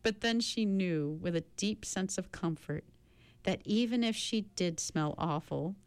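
A woman narrating an audiobook in a calm, unhurried manner. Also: on the low side, no echo.

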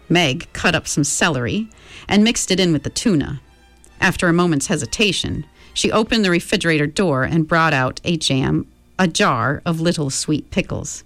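A woman narrating an audiobook with expressive, steady storytelling. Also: sits low, moderate pace, no echo, soft background music. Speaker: reader.

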